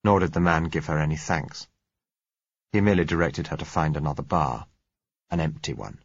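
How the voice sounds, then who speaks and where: Male narrator, husky tone, dry close recording, measured first-person storytelling. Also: a bass voice, no echo, muffled recording. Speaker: audiobook narrator.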